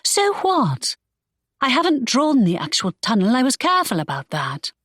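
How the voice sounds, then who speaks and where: A woman's voice: fairly high pitch, wildly swooping pitch, normal speed, a bit bright, no room sound, studio quality, voice pushed up, exaggerated voice. A woman reading an audiobook, voicing a spirited young woman who protests in exasperation. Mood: indignant. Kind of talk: audiobook character voice.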